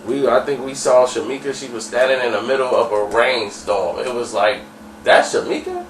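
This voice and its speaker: A man's voice: mid-range voice, fairly even intonation, fairly quick, slight background noise. A man telling a story in a loose, slangy, rambling way. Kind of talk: casual storytelling. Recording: roomy, distant mic, faint ambience.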